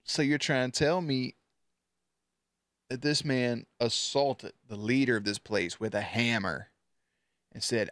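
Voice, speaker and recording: A man's voice: mid-range voice, normal speed, dry recording. A man hosting a reaction video, talking back to the screen in blunt, profane casual commentary.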